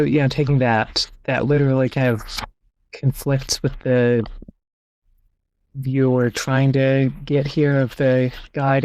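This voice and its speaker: In a medium-pitched, slightly mellow voice with no room sound, the man hosting this podcast over an online call reads passages and works through them in a casual, thinking-aloud way.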